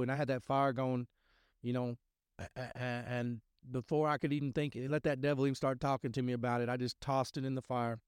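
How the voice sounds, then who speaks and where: A middle-aged man tells a story on his podcast in a loose, rambling way, circling back and restarting his sentences. His voice is smooth and clear, recorded close and dry. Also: medium pitch, flat delivery, fairly quick, darkish tone, no echo. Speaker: podcast host sharing testimony. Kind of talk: casual spoken testimony.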